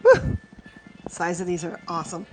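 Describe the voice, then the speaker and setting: A woman's voice: fairly low pitch, brisk, loud music behind the voice, rough recording. A woman co-hosting a live cooking stream, chatting casually as she adds toppings. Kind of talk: casual chat while cooking.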